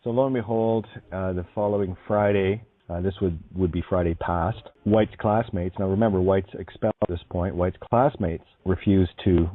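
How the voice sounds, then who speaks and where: A man's voice: deep voice, steady tone, normal speed, few pauses, no echo. A man telling a long story in a meandering way, with many fillers and restarts. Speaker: online speaker. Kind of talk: rambling spoken storytelling. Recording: dry, tinny phone-like sound.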